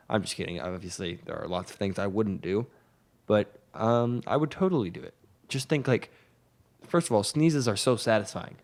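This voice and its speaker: A young man co-hosting a podcast in casual banter, joking with deadpan asides. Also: on the low side, normal speed. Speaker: podcast co-host.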